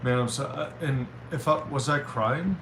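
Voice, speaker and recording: A man streaming live, chatting casually and reading viewer messages aloud with halting restarts. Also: medium pitch. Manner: rambling, reads chat aloud, halting restarts. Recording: roomy with faint noise.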